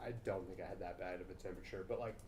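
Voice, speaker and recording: A man's voice: sits low, steady tone, racing, darkish tone, a little hiss or hum. A young man co-hosting a casual film chat podcast, rambling and swearing, with lots of fillers. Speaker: podcast co-host. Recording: roomy echo.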